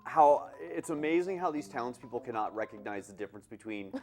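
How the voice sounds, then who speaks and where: A man's voice: medium pitch, expressive, a little fast, a little mellow, soft background music. A man casually commentating while he plays a game, chatty and self-mocking, laughing often. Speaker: game runner at a charity marathon.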